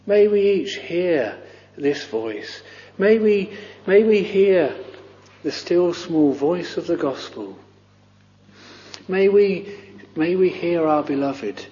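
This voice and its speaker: A man's voice: fairly high pitch, lively intonation, slow pace, pauses often, dark tone. A man preaching a sermon with fervent cries of "oh" and many repeated words. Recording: lo-fi recording with long reverb.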